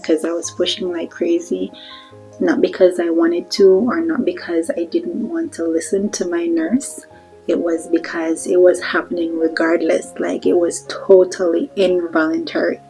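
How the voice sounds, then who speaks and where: A woman's voice: on the low side, steady tone, normal speed, warm tone, faint music behind, poor audio. A young Jamaican woman narrating a storytime vlog in a chatty way, talking straight to her viewers. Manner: chatty, addresses viewers directly. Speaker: vlogger.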